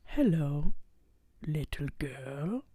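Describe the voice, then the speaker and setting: A woman voicing a sneering, theatrical male holiday villain in slow, whispery menace. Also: low-pitched, animated, dark tone, slightly rough, dry recording, clean studio sound, pitched below the performer's own voice, heavily acted. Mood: menacing.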